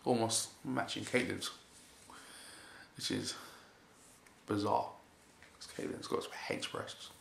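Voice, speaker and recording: A man's voice: lowish voice, steady tone, slow, vocal fry, pauses often, a bit bright. A man giving a casual, rambling spoken recap of a wrestling show. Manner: rambling, repeats "basically", chuckles often. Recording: echoey room with faint hiss.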